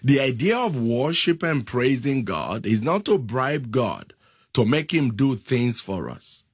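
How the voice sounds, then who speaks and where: Slow, husky-voiced male preacher. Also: mid-range voice, no echo, clean studio sound. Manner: slow, deliberate, reads scripture aloud. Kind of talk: sermon.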